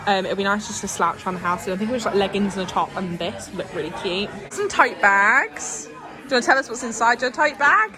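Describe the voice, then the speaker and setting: A woman's voice: mid-range voice, lively intonation, fairly quick. A woman, chatting bubbly and breathless in a casual vlog, laughing often. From England (Essex). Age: 20s. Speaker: vlogger. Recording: crowd chatter behind.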